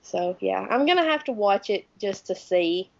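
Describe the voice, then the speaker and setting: This podcast co-host, a woman around thirty with a Southern US accent, has a gravelly mid-range voice. She's chatty in easygoing conversation, speeding up and getting louder when excited, on a dry recording with the highs cut off.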